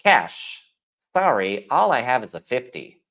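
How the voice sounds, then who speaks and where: A man's voice: medium pitch, very animated, unhurried, a bit bright, heavily acted. A man reading the part of a polite post office customer in a practice dialogue, in a plain, polite way.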